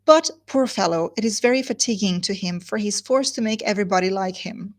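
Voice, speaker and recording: A woman's voice: mid-range voice, brisk, natural voice. A woman reading aloud and voicing a cheerful, silly young wife who talks with bubbly enthusiasm. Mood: gushing.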